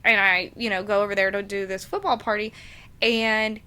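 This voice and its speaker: Bright, animated young woman telling stories. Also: medium pitch, normal speed, smooth. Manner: animated, acts out quotes, swears freely. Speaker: podcast co-host. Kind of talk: casual storytelling chat.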